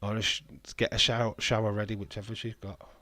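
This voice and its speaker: A man hosting a live wrestling watch-along, chatty and excitable, swearing casually. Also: on the low side, quick pace, no room sound. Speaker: livestream host.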